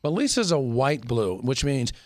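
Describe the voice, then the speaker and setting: A man's voice: medium pitch, very animated, normal speed. A man hosting a casual talk, explaining ideas step by step like a coach. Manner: coaching, explains with points and tips. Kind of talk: casual talk show discussion.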